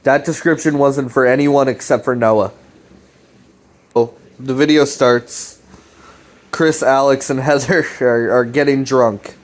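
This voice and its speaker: A man's voice: mid-range voice, fairly even intonation, measured pace. A man casually rambling through a recap of a web series, with lots of fillers, restarts and swearing.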